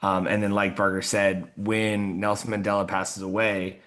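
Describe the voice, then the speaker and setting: A man with a very deep voice chats on a podcast. He is a teacher, and he tells stories from his classroom in a casual, easy way. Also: steady tone, normal speed, hardly any pauses, fairly bright tone.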